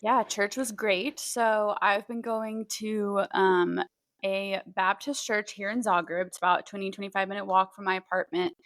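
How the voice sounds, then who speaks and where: A young woman in her twenties talks casually as a podcast co-host, scattering her sentences with "like" and "um". Her voice sits at a middle pitch. The recording is dry and close, with no room sound. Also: steady tone, moderate pace, fairly bright tone, dry recording. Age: 20s. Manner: chatty, many "like"s and "um"s. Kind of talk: casual chat.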